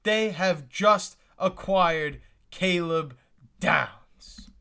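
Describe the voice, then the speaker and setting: A young man hosts a live reaction stream, full of exclamations and repeated lines. His voice sits high for a man and has a bright, forward edge. He keeps turning to talk to his chat. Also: extremely slow, creaky, smooth. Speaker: livestream host reacting to the draft.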